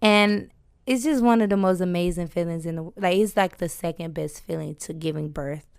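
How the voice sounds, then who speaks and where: A young adult woman rapper telling lively stories with plenty of cursing in a casual interview. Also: lowish voice, moderate pace, gravelly, clear, resonant tone, no echo, studio quality. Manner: lively, profane storytelling with laughs.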